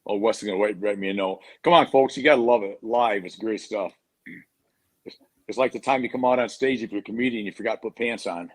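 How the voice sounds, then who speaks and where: A man's voice: fairly low pitch, quick pace. A man hosting a live online talk show from a hotel room, upbeat and joking. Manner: upbeat, joking, talks over tech trouble. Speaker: host. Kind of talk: live video show chat.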